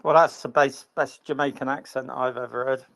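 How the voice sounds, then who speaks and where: A man's voice: steady tone, moderate pace, gravelly, a bit bright, no room sound. A man speaking on an online panel discussion, blunt and sarcastic, his voice leaping up sharply when he stresses a point. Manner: blunt, sarcastic, swings into high emphatic bursts.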